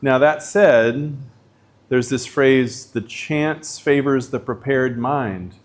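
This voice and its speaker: A middle-aged male professor gives a course lecture at a medium pitch. He talks in a loose, chatty way and fills his sentences with "like" and "you know." He turns points into stories and keeps an animated pace. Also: takes it slowly. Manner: casual storytelling, animated, uses filler words. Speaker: visiting professor.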